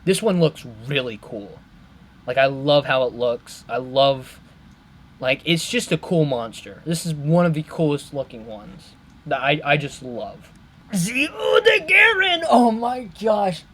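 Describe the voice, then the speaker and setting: A man rambling eagerly in casual gaming commentary, breaking off and restarting his sentences and jumping into high squeals when excited. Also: measured pace, a little hiss or hum. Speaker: gaming video creator.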